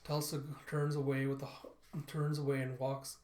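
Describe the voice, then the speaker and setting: A man's voice: mid-range voice, level tone, moderate pace, a little mellow, echoey room, a little hiss or hum. Man casually narrating a comic. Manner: casual, hesitant, many fillers. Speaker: comic reviewer.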